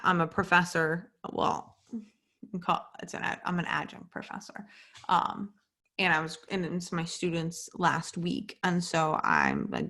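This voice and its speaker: A woman's voice: on the low side, a bit bright. A young woman hosting a podcast, talking casually and candidly with many "like" fillers and some swearing. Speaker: podcast host. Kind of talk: casual solo podcast monologue. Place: home at night.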